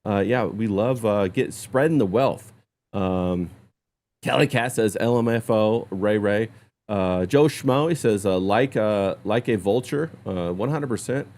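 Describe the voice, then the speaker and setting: A man hosting a casual livestream talk show, upbeat, giving shout-outs to chat. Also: lowish voice, unhurried. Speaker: host.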